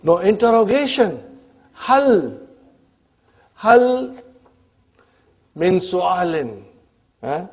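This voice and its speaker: A man's voice: sits high, very animated, drawn-out words, long pauses. A male Arabic teacher giving a classroom grammar lecture, often checking in with his students by asking "huh?" and "are you with me?". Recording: dull lo-fi lecture recording.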